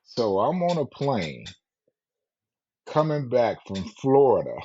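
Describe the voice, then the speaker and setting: A man co-hosting a podcast, telling a profane, animated story with lots of laughter. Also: mid-range voice, takes it slowly, husky. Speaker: podcast co-host. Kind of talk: casual storytelling. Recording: dull lo-fi podcast audio.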